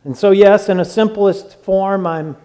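A man preaching a sermon as pastor, swinging from loud exclaiming to hushed words. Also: high voice, fairly even intonation, unhurried.

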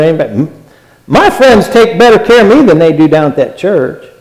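A man's voice: fairly high pitch, very animated, a little fast, a little mellow. A man preaching a sermon, earnest and exhortative, and often repeating his phrases. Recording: long hall reverb.

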